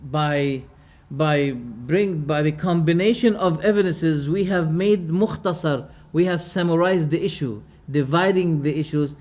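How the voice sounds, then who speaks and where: A man's voice: fairly high pitch, a little slow, few pauses, darkish tone. A man giving a religious lecture to a class, restating each term in plain words and throwing rhetorical questions at his listeners. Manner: explains terms by restating them. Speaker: religious teacher.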